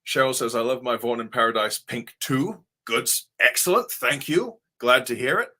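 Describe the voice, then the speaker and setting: Bright-voiced man, mixed English-Midwestern accent. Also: medium pitch, moderate pace. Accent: mixed English RP, Devon and Midwestern American. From Ohio. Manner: chatty and rambling, with frequent fillers and mild swearing. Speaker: livestream host. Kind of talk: casual chat reading viewer comments.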